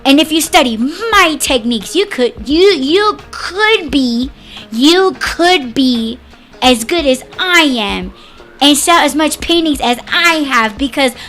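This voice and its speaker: A woman's voice: sits high, expressive, takes it slowly, a bit bright, faint music behind, pitched above the performer's own voice, exaggerated voice. A woman mocking a bragging older art teacher. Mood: boastful. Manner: bragging, condescending run-on lecturing.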